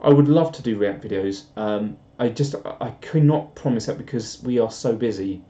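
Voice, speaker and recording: A man's voice: lowish voice, normal speed, dark tone. A man chatting casually on a live stream, rambling and self-deprecating as he reads out viewer comments. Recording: dull lo-fi stream audio.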